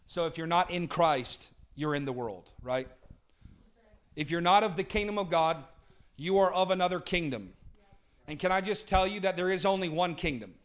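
A man preaching a dynamic sermon with a notably high voice. He swings from booming emphasis to hushed asides and calls on the congregation to answer back. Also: normal speed. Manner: talks with the congregation, asks for responses.

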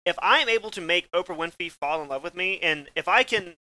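A young man co-hosting a casual comedy podcast, with a very bright, cutting tone. He pitches a little high and tells his stories animatedly, with plenty of swearing. He acts out every exchange. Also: animated, fast, dry recording. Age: young adult. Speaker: podcast co-host.

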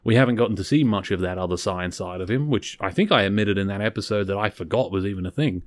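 Rambling low-voiced male podcast host. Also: quick pace, dry recording. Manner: rambling, self-correcting, conversational. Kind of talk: casual episode recap.

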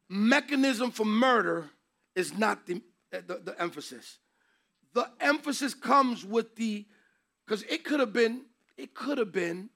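Gravelly high-voiced male Bible teacher. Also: fairly bright tone. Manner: emphatic, preacherly, takes questions from class. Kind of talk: interactive Bible class teaching.

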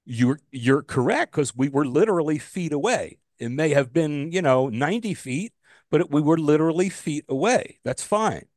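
A man's voice: fairly high pitch, lively intonation, normal speed, a little mellow, no echo, clean studio sound. A man co-hosting a casual podcast, ranting about a pet peeve, swearing freely and restarting his sentences. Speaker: podcast co-host.

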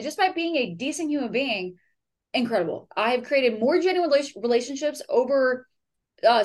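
A woman hosting a casual podcast interview, blunt, excitable and full of swearing. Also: a little high. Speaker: podcast host and hairdresser.

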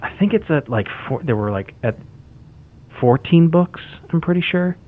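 A man's voice: on the high side, expressive, moderate pace. A man in casual chat, talking enthusiastically and rambling with frequent restarts. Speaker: podcast guest. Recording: phone-like lo-fi audio.

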